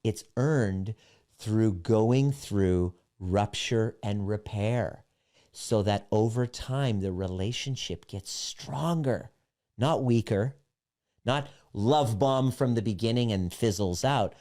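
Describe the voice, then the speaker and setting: A man's voice: on the low side, expressive, slow pace, warm tone. A man, a relationship coach, tells a candid personal story and draws earnest lessons from it, blunt and emphatic and swearing freely. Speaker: self-help relationship coach.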